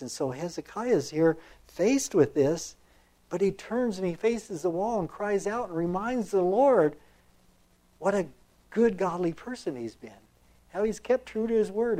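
A man's voice: on the high side, dark tone. A man preaching a sermon in a reflective, conversational way, full of fillers and restarts as he reads and comments on scripture.

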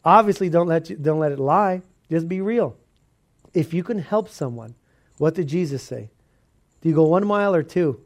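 Guy giving a sermon, acts out the conversations, kinda higher voice. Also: moderate pace. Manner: animated storytelling, acts out dialogue. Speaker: pastor.

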